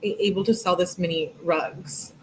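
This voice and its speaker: A true crime commentator, a woman, reads text messages aloud casually with rising emphasis, throwing in her own sarcastic asides. Her voice sits on the low side with fairly even intonation and a moderate pace. There's slight background noise, and the audio is poor.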